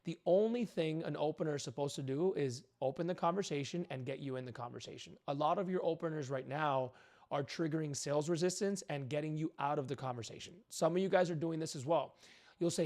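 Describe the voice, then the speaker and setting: A man's voice: a little high, brisk, a little mellow. A man coaching real estate agents, talking directly and acting out sample phone calls. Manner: direct and emphatic, acts out phone scripts. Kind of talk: coaching monologue with role-played cold calls.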